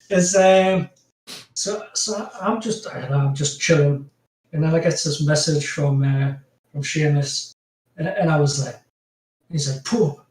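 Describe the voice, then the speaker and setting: A man's voice: a little high, darkish tone. A man with a strong Geordie accent chatting as a podcast guest, rambling with lots of fillers and frequent laughs. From North East England. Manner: rambling, laughs often, many "you know" fillers. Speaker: podcast guest, graphic designer. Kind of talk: casual chat. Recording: roomy, distant from mic.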